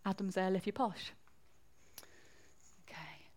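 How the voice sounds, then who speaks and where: A woman's voice: mid-range voice, steady tone, measured pace, a little mellow. A woman from northwest England with a Mancunian accent, giving a chatty church talk and quizzing the congregation. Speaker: preacher.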